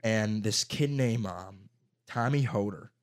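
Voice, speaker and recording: A man's voice: on the low side, slow. A young man in casual chat, telling childhood stories with lots of swearing and put-on voices. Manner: profane, animated storytelling with put-on voices.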